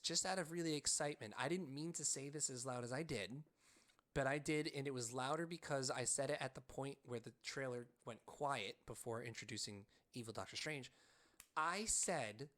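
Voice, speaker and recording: Man, podcast co-host, excitable, animated storyteller, casual chat, mid-pitched voice. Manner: frequent "like" fillers.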